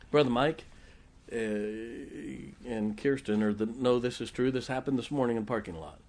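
A man preaching a sermon as pastor, telling folksy stories and joking with his congregation. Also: medium pitch.

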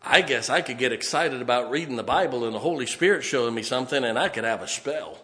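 A man preaching a fiery, folksy sermon, building emphatically to loud peaks. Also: medium pitch, fast, noisy background. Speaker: pastor. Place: church sanctuary.

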